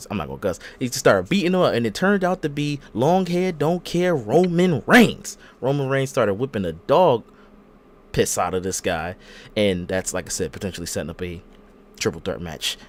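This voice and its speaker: A man hosting a podcast in casual chat, retelling events in an animated way and acting out the quotes. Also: mid-range voice, moderate pace. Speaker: podcast host.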